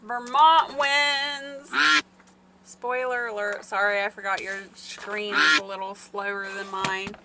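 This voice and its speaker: A woman's voice: mid-range voice, flat delivery, normal speed, hardly any pauses, crowd noise. A woman hosting a casual live stream from her small farm, chatting with viewers and laughing often as she tells a story. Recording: farm noise with ducks and geese.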